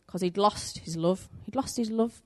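Woman giving an informal, anecdote-driven sermon at a natural middle pitch. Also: normal speed. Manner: animated, conversational, acts out the story's voices. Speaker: preacher. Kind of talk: sermon with storytelling.

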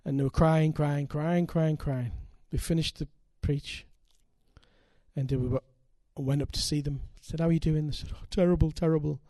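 An older man preaching, his voice sitting a little high for a man and recorded close and dry. He tells stories with animation, climbing to loud, emphatic peaks. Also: steady tone, moderate pace, no room sound. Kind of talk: sermon with storytelling.

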